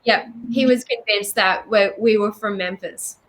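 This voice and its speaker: Bright-voiced Australian woman, chatty and cheerful. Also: medium pitch, steady tone, unhurried. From Sydney, Australia. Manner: cheerful, chatty, laughs often. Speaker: singer-songwriter guest. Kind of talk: casual interview chat.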